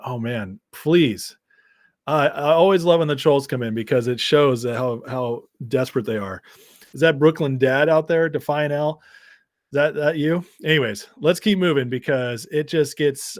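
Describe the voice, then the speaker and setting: An American streamer with a mid-range voice reacts to clips and chat, laughing and tossing out mocking, sarcastic asides. The studio sound is clean, with no echo.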